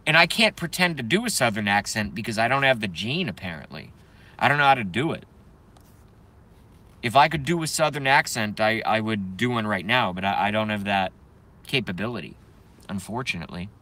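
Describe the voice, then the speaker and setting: Casual streamer guy, bright clear tone, loose rambling delivery, jokes around with chat. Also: lowish voice, lively intonation, brisk. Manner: rambling, joking, reads chat aloud. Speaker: live stream host.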